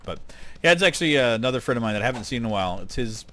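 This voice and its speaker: A man's voice: mid-range voice, animated, very fast, pushed and bright, faint music behind. A man hosting his gaming channel, talking casually and rambling with lots of fillers while he plays. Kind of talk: casual gameplay commentary.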